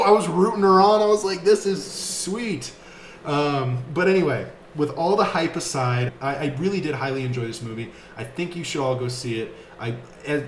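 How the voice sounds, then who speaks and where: A man giving a casual, enthusiastic video review of a film, talking like an excited fan. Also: a little high, roomy sound, slight background noise. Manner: enthusiastic, animated fan talk with fillers.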